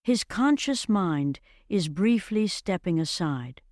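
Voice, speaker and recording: Narrator doing an old scholarly man, German accent, hesitant, slow, dry sound. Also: high-pitched, lively intonation, darkish tone, no echo. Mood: pondering. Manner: careful, hesitant, lecturing. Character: fussy scholarly old male professor.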